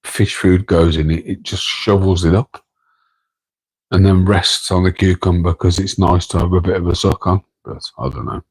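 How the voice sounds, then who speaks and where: A man with an English Midlands accent chatting on a late-night live stream from home. His voice sits very low and stays flat, with little rise and fall. He rambles, makes fun of himself and talks back to the comments, keeping quiet so he won't wake the house. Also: normal speed, breathy edge, rough recording. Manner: rambling, self-deprecating, chatting to viewers in chat. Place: home, room next to an aquarium tank. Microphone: microphone on a tripod.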